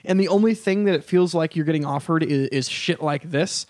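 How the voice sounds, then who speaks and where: A man's voice: fairly high pitch, a little fast, a little mellow, no echo, studio quality. A man hosting a casual podcast chat who laughs often and swears freely. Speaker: podcast host.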